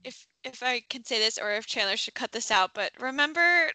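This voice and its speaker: A young woman co-hosting a podcast, telling a quick side anecdote. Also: a little high, lively intonation, bright, forceful tone, no echo, rough recording. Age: young adult. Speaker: podcast co-host. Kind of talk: casual storytelling.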